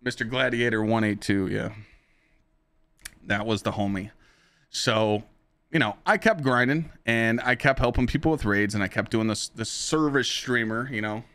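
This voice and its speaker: A man hosting his own podcast, telling stories casually to a live chat in an animated, profane way, his pitch jumping high when he relives exciting moments. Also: normal speed. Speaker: podcast host and streamer.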